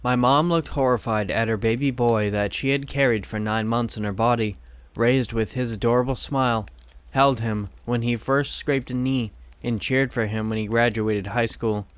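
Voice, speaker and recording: A man reading horror stories aloud in measured, steady scripted narration. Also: medium pitch, dry recording.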